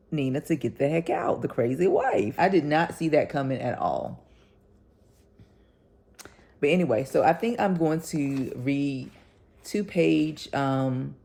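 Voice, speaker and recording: A woman talking casually to her viewers about what she is reading. Her voice has a gravelly creak. She is chatty and full of fillers, and she laughs easily. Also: extremely low pitch, dark tone. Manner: chatty, laughs often, lots of fillers and "y'all". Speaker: book vlogger. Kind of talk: casual chat to camera.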